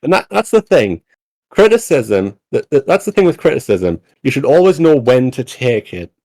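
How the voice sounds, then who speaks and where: A man's voice: medium pitch, very animated, moderate pace, darkish tone, no echo. Chatty male voice actor, dry sound. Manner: chatty, rambling with restarts, demonstrates voices. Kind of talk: casual chat on a dev stream.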